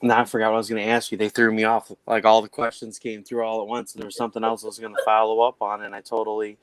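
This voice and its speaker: A man's voice: fairly low pitch, completely flat delivery, very fast, a bit bright, clear, resonant tone, poor audio. A man hosting a casual chat, reading viewer questions and laughing along with his guest. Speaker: host.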